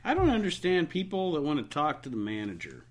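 A woman's voice: low-pitched, wildly swooping pitch, a little fast. A woman co-hosting a casual home podcast, joking around and fond of doing silly voices. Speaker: podcast co-host. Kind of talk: casual chat. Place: living room at home.

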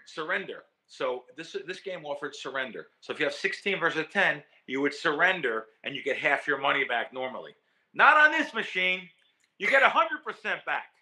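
Bright, excitable man telling stories. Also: a little high, moderate pace. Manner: animated, repeats and restarts words, emotional. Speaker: guest, professional sports bettor. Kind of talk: casual storytelling interview.

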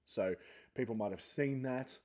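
With a mid-range, slightly mellow voice and a measured pace, a young man hosts a casual solo podcast. His sore jaw from having wisdom teeth removed makes him sound a little funny as he rambles and jokes at his own expense.

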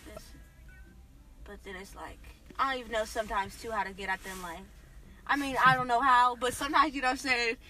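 Young woman, slightly high voice, hesitant, trails off, casual. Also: steady tone, quick pace, bright, forceful tone, faint music behind. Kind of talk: casual chat.

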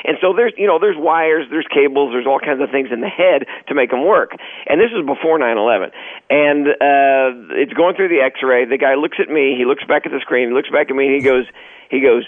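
A man's voice: medium pitch, brisk, no room sound. Storytelling man on a phone line. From Texas. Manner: animated storyteller, acts out quotes. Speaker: guest comedian. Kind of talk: radio interview storytelling. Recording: dry phone-like radio line.

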